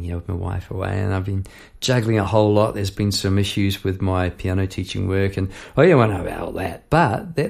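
Gravelly, chatty Australian man. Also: lowish voice, darkish tone. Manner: chatty, laughs at himself. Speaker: songwriter and piano teacher. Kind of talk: casual chat and storytelling.

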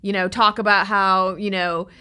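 A woman co-hosting a casual podcast, animatedly recalling movie scenes and slipping into quick silly voices for quotes. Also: medium pitch, level tone, pushed and bright, clean tone. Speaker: podcast co-host. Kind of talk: casual movie recap chat.

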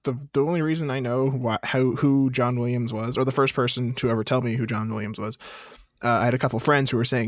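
Dude cracking dry jokes on a podcast, medium voice, no room echo. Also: male voice, medium pitch, fairly even intonation, fast. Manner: dry, joking asides. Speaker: podcast co-host. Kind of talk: casual chat.

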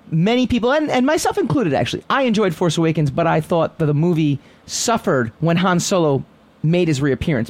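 A man co-hosting a movie talk show, chatting casually with many fillers and restarts. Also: fairly high pitch. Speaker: co-host.

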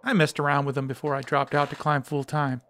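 A man voicing a calm, laconic young male climber who dabbles in computers. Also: a little high, brisk, no room sound, lightly acted. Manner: cool, laconic.

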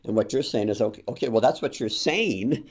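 Lower-voiced man, thoughtful. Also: fairly quick. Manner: thoughtful, repeats words as he starts sentences. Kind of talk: conversational interview.

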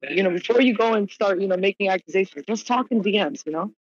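A woman in a casual group chat, asking quick questions. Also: mid-range voice, husky, dry recording, highs cut off.

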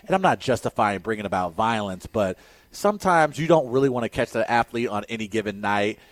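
A man co-hosting a sports radio show, giving animated, emphatic opinions in casual talk. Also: on the low side, fairly quick, no room sound.

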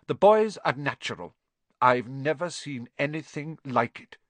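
A man's voice: medium pitch, expressive, a little slow, a bit bright, no echo, voice pushed up. A man voicing a stern older female professor, with a clipped, commanding way of speaking, in an audiobook reading. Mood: brisk, stern.

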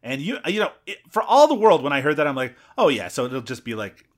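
Podcast co-host, male, animated delivery, joking plot recaps. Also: a little high, fast talker. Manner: retells the plot with jokes and asides. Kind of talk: casual movie recap chat.

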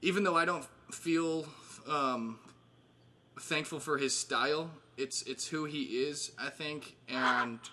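A man's voice: a little high, slow pace, sharp tone, slight background noise. A man in his thirties casually catching up with old friends, rambling with fillers and laughing often. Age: 30s. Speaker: host.

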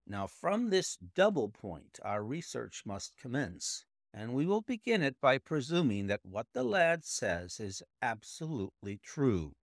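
A man voicing a brilliant, precise male detective explaining his deductions in a measured way. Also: medium pitch, very animated, no room sound, clean studio sound.

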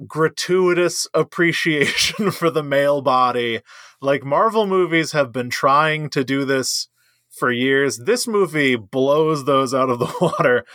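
A man's voice: on the high side, fairly bright tone, no echo, studio quality. A man co-hosting a casual movie review chat, enthusiastic and emphatic, laughing often. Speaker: podcast co-host.

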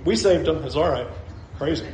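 A man's voice: on the high side, animated, brisk, a little mellow, reverberant, slight background noise, rough recording. A man preaching a sermon as pastor, emphatic, repeating phrases and asking the listeners questions.

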